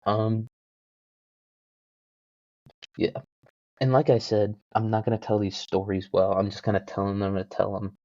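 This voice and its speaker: A man hosting his own podcast, rambling through a story with jokes and self-deprecating asides. His low, mellow voice comes through a dull, lo-fi home mic with a very dry sound. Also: level tone, measured pace, pauses often, dry recording. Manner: joking, self-deprecating, full of fillers. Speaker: podcast host.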